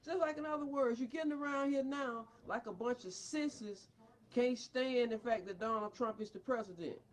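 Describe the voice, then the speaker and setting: A woman ranting angrily at a doctor about her child in a confrontational, preachy, scolding way. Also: a little high. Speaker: parent. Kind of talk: angry rant addressed to a doctor.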